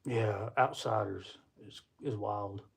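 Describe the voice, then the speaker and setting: A man's voice: lowish voice, slow, gravelly. Chatty man streaming live. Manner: rambling, chatty, laughs often; talks to viewers while reading comments. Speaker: livestream host. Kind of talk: casual live-stream chat.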